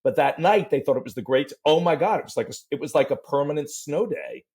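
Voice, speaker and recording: A middle-aged man talking as a guest on a podcast. He tells animated stories and sometimes breaks into short sung syllables. His voice sits at an ordinary pitch for a man. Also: fast talker. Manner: animated storyteller, sings demo syllables. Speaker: voice teacher and guest. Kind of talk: podcast interview.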